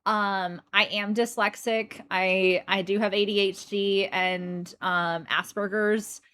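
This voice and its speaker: An American-accented woman with a faint British lilt streams casually, her talk unhurried and rambling. She chats to her viewers and thanks them as she goes. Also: medium pitch, fairly even intonation, fairly bright tone. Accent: American with slight British influence. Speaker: Twitch streamer. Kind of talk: casual live-stream chat.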